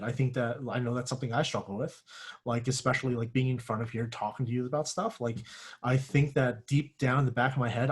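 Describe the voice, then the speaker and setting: A male instructor gives a relaxed classroom lecture with a slightly husky, breathy voice. He talks in a loose, filler-heavy way and keeps stopping to clear his throat. His pitch sits in an ordinary middle range. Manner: self-correcting, searches for words. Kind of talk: classroom lecture on giving feedback.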